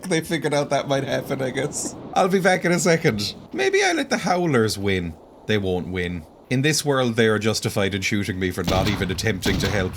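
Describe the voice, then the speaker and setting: A man's voice: fairly high pitch, background noise. An Irish man in his late twenties giving chatty, self-mocking commentary while he plays a game and often breaks into exclamations. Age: late 20s. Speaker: let's play host. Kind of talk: gameplay commentary.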